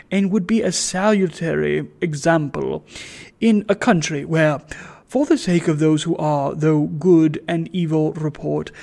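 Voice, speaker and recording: A man voicing a pompous, self-righteous wealthy old gentleman in a storybook reading, speaking slowly and loftily. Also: fairly high pitch, vocal fry. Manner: slow, lofty, emphatic. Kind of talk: audiobook reading.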